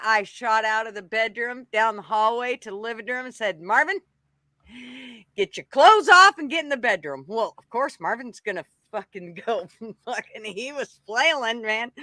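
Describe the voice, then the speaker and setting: A woman's voice: a little high, moderate pace, no echo. A woman co-hosting a live stream, casually telling a story full of swearing and laughter. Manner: laughing, profane, animated storyteller. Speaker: co-host.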